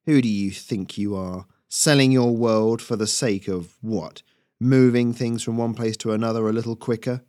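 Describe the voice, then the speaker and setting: A man voicing a ruthless male squirrel rebel leader, slow, snarling and commanding. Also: mid-range voice, steady tone, darkish tone, dry recording, clean studio sound, natural voice. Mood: contemptuous.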